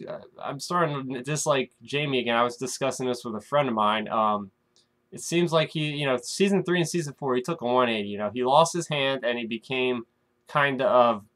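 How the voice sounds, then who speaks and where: A man's voice: medium pitch, a bit bright. Chatty man recapping to viewers. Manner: chatty, speculative, keeps calling viewers "guys". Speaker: show recap host. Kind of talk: casual chat to the camera.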